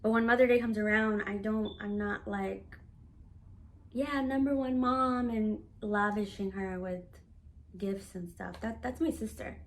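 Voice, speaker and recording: Woman, thirties, vlogger, candid storytelling, animated quoted dialogue, medium pitch. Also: moderate pace. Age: 30s. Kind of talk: personal storytelling to camera.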